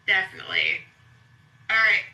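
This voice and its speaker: Brief: bright-voiced woman host reading questions plainly, room echo around her. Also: normal speed. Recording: roomy echo.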